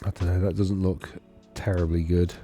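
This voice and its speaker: Soft background music accompanies a deep, mellow male voice with little pitch movement, speaking at a normal speed. A wargaming video host, he casually goes over tournament data on his screen, rambling and correcting himself aloud in screen-share commentary.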